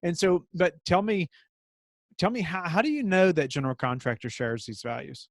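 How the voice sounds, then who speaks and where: A man's voice: sits high, animated, moderate pace, dry recording, studio quality. A man hosting an interview, affirming his guest and asking probing follow-up questions. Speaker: interview host.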